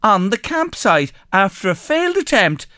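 Irish male radio host, slightly high, very lively voice, chatty and curious, dry studio sound. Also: normal speed, dry recording. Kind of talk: lively radio chat, reading listener texts.

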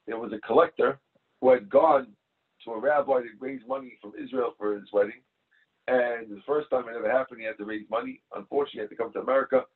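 A man's voice: mid-range voice, husky. A man teaching a Talmud class. He reads each phrase of the text, translates it, and tells stories to explain it. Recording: tinny phone-like line.

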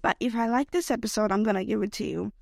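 A woman's voice: mid-range voice, fast, creaky, dry recording. A young woman talks alone into a close mic, her voice worn down because she is feeling sick. She rambles in a loose, emotional way, tagging her thoughts with "like" and "okay?". The sound is dry and close, with no room around it. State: unwell, voice affected by illness. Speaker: podcast host. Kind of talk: solo podcast rant.

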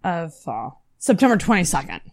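Wry lower-voiced woman with dry comebacks. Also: big pitch swings, normal speed, no echo. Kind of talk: casual chat.

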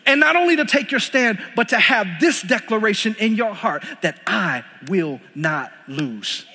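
A young Texan man preaches from a church stage, his voice pitched high and bright. He drives points home by repeating them. His words ring out in a large hall's long reverb. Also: expressive, measured pace, breathy edge. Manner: emphatic, repeating lines for stress. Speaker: pastor. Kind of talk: sermon. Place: church sanctuary.

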